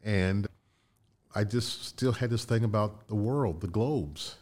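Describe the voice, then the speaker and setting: An older man from Indiana, a guest in a casual interview, tells animated anecdotes with restarts and laughs. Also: fairly low pitch, slow. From Indiana, USA.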